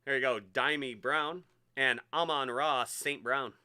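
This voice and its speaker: A man hosting a live-streamed sports card break, chatty and excitable as he hypes each card he pulls. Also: medium pitch, measured pace, clean tone.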